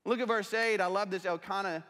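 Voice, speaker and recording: A man preaching a sermon as pastor, swinging between loud passionate stretches and hushed, quiet ones. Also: high-pitched, steady tone, a little fast. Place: church sanctuary. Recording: long reverb of a large hall.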